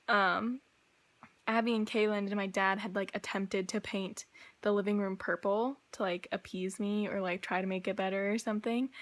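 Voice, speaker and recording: A young woman vlogging casually as she tells a long story, rambling with lots of filler words. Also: medium pitch. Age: young adult.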